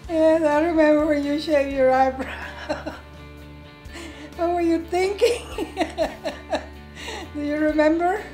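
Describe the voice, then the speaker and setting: Woman, slightly high voice, chatty, reminiscing, echoey room. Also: fairly even intonation, slow, long pauses, warm tone, soft background music. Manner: chatty, laughs often. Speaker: family member. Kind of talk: casual family reminiscing.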